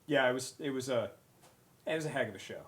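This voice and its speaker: A man's voice: medium pitch, quick pace. A young man on a charity stream panel, casually telling a story and acting out bits of it. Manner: animated, acts out quotes with raised voice.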